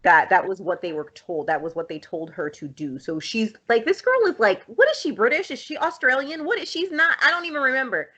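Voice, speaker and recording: A woman co-hosting a casual podcast chat, animated and talkative. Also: on the high side, a little fast, few pauses, husky. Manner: animated, talkative, laughs easily. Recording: slightly dull lo-fi audio.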